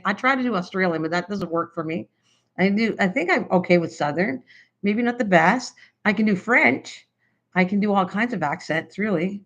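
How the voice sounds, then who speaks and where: An older woman with a Canadian accent, hosting a casual live-stream chat about crafts, rambling with lots of fillers and restarts, hyper and excited. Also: medium pitch, normal speed, muffled recording. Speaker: craft channel host.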